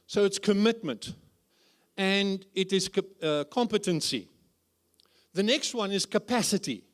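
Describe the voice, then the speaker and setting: Animated high-voiced male preacher. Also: measured pace. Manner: animated, humorous, asks rhetorical questions. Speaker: guest preacher. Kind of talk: conference sermon. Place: church conference hall.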